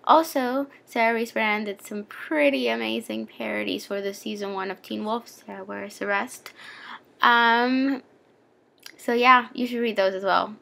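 A woman's voice: fairly high pitch, fairly even intonation, measured pace, vocal fry, a bit bright. A young woman chatting casually in a book vlog, gushing and playful as she recommends a favorite novel. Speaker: book vlogger.

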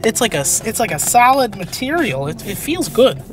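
Hyper goofy young man, high and lively. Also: normal speed. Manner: hyper, goofy and loud, swings into big excited yelps. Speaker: co-host. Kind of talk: casual comedic chat.

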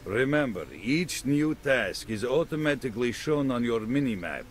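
A man voicing a gruff middle-aged black-market trader in a video game, blunt and businesslike. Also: medium pitch, lively intonation, moderate pace, slight background noise, close to an everyday voice. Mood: instructive.

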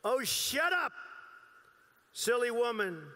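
A man's voice: very high-pitched, big pitch swings, takes it slowly, pushed and bright, pitched above the performer's own voice, exaggerated voice. A man voicing a vicious male snake that begs to be taken in and then sneers, read aloud as a poem in a long-reverb hall. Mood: sneering.

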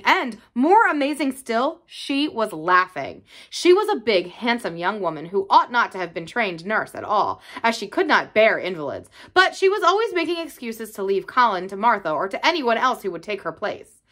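A woman reading a classic novel aloud for a library, telling it in an expressive storytelling way. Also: on the high side. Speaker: library reader.

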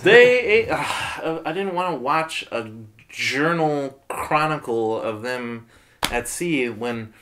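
Animated swearing man reviewing a movie. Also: slow, background noise. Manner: animated, swearing, acts out quotes in high bursts. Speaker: podcast co-host. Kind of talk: casual movie review chat.

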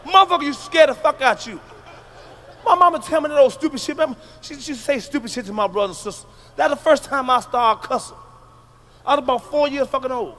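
A middle-aged man from the United States doing a loud, profane stand-up comedy routine on stage, telling punchy stories. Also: very high-pitched, fast. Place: stage before a live audience.

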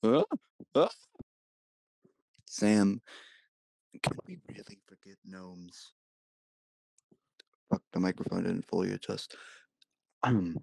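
A man's voice: deep voice, gravelly, mellow, dry recording, low-quality recording. A man rambling in silly casual voice messages, with many restarts. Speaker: voice-message sender.

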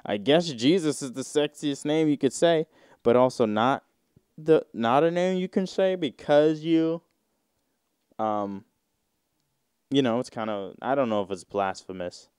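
A man hosting a casual solo podcast, reading search results aloud and riffing on them in a rambling, drawn-out way with sudden mocking outbursts. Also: mid-range voice, a little mellow, clear, resonant tone, dry recording, studio quality. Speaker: podcast host.

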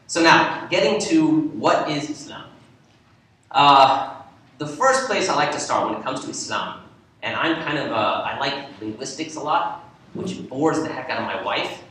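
A man, an imam, gives a talk in a church, telling an animated story to warm up the audience. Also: mid-range voice. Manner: animated storyteller, lively when quoting. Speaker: imam giving a presentation. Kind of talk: lecture with storytelling. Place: church hall. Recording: echoey hall, from far off.

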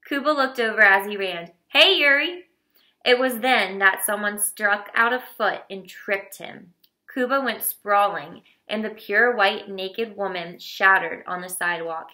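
Woman reading a kids' novel aloud, steady but expressive, super bright sharp tone. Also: medium pitch, measured pace. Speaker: audiobook reader. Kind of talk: scripted narration of a children's novel.

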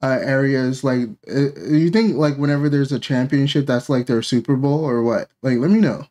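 A man's voice: mid-range voice, steady tone, moderate pace, a little mellow. A middle-aged man streaming a live reaction, chatting casually with rambling asides and playful interjections.

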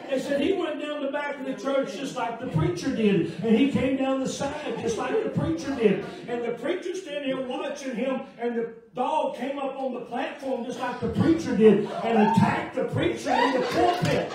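Man, preacher, sermon storytelling, very high voice, congregation audible behind. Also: normal speed, hardly any pauses, a crowd in the background. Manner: animated storyteller, often laughing while telling. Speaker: guest preacher. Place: church sanctuary. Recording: echoey church room, mic at a distance, audience. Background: congregation laughing.

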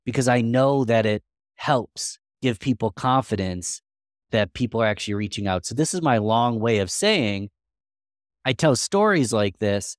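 A man's voice: mid-range voice, no room sound, clean studio sound. A man guest on a podcast interview, answering in an earnest, practical way and thinking aloud.

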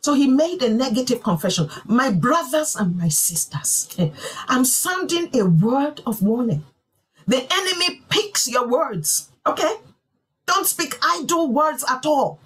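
Woman pastor, sermon delivery, breathy husky tone, emphatic repetition. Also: high voice, big pitch swings, measured pace, rough recording. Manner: emphatic preaching with repeated phrases.

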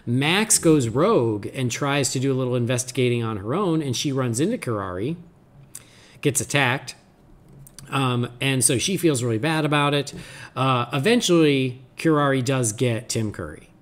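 A man co-hosting a podcast, giving a rambling, animated recap of a cartoon episode in casual chat. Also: medium pitch, normal speed. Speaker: podcast co-host.

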